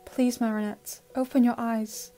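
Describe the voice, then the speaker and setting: An earnest teenage boy hero, gentle and urgent by turns, pleading softly, as a woman reads him in an audio fan-fiction story. The voice sits fairly high, with faint music underneath. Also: flat delivery, unhurried, lightly acted.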